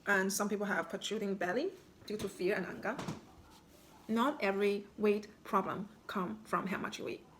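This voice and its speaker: A woman of middling pitch speaks as a spiritual coach, calm and instructive as she walks listeners through reflective questions. A faint hiss of noise sits under her voice. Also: normal speed. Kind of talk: guided self-reflection talk.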